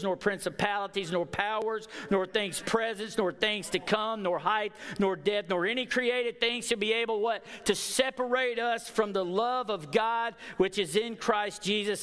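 A man preaching a sermon, moving between quiet storytelling and rising, emphatic exhortation. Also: high voice, clear, resonant tone. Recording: reverberant hall.

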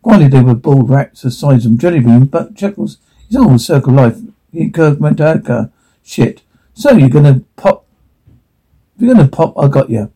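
Guy reading a tv script out loud, all the parts, husky mellow voice, trips on words sometimes. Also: medium pitch, lively intonation, moderate pace. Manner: plain reading with stage directions, stumbles over words. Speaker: reader of a TV episode transcript.

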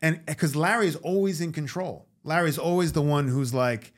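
Animated man telling a story. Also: on the high side, moderate pace. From New York. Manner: animated, acts out quoted voices, swears freely. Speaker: guest, actor and comedian. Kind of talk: casual storytelling.

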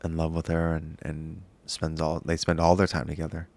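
A man in his late twenties in casual chat, speaking haltingly and softly with many pauses. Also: rumbling low, monotone. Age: 20s. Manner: halting, soft-spoken, many pauses and fillers.

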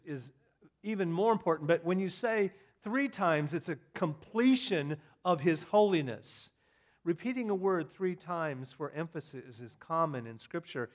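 Man preaching with big swings in volume. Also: on the high side. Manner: dynamic preaching, swinging between soft asides and loud emphatic declarations. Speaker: pastor. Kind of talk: sermon.

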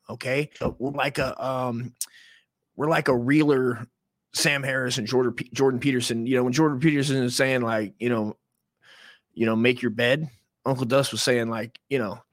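A man's voice: medium pitch, no echo, clean studio sound. A man hosting a podcast in a casual rant, rambling, swearing and cutting himself off mid-sentence. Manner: rambling, profane, self-interrupting. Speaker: podcast host.

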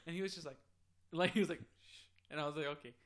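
Racing along in a fairly high voice with a crowd behind him, a young male podcast co-host rambles through a story in a casual chat. He acts out what each person said.

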